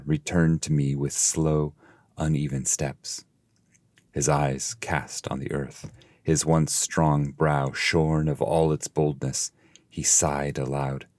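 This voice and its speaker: A man, the translator, narrating his verse translation in a steady, measured audiobook reading. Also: rumbling low, dry recording. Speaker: translator and reader.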